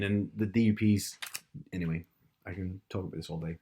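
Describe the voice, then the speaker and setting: Animated young Northern Irish man. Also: deep voice, fairly quick. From Northern Ireland. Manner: animated, explains at length with restarts. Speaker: podcast co-host. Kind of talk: casual chat.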